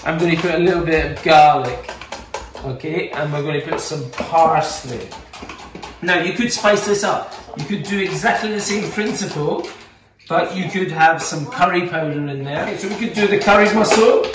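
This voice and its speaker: A man's voice: on the high side, normal speed. A man with a Scottish accent, a chef casually teaching a home cooking demonstration in a playful, chatty way while joking with his kids. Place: home kitchen. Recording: echoey kitchen, mic far off, clattering pans.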